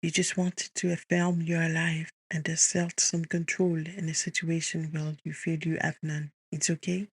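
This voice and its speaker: Woman whispering as a calm, protective man. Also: low-pitched, normal speed, hardly any pauses, breathy edge, dry recording. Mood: soothing. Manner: quiet calming whisper. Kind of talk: whispered role-play.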